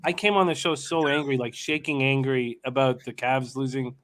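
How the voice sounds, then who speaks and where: A man's voice: mid-range voice, fairly even intonation, normal speed, fairly bright tone. A man in his forties chatting casually as a co-host, swearing and hyping up his friends. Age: 40s. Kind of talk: casual live-stream banter.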